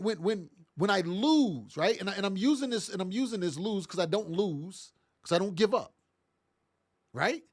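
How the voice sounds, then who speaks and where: A middle-aged man, congested from sinus trouble, giving a motivational talk as a parenting podcast host in a casual, emphatic, repetitive way. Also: high voice. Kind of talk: motivational monologue.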